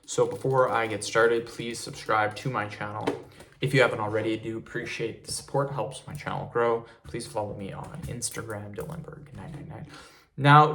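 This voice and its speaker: A man speaks to his viewers in a relaxed, chatty tutorial, with a voice of ordinary middle pitch. He leans on repeated words like "literally" and "really" and slips in the odd filler as he walks through his tips. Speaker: online creator giving tips. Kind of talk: casual talking-head tutorial.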